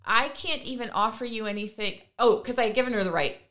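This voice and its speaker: A woman co-hosting a podcast, telling a parenting story in a casual, animated way and acting out the conversations. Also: fairly high pitch, quick pace. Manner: animated, acts out remembered conversations with laughs. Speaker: podcast co-host and mother.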